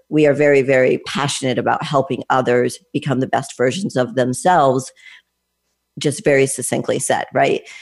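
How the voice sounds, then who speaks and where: A woman's voice: extremely low pitch, a little mellow. Almost sixty-year-old woman hosting an interview. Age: 50s. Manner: thoughtful, talks in long winding sentences with restarts. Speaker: host; fitness trainer. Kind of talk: conversational interview.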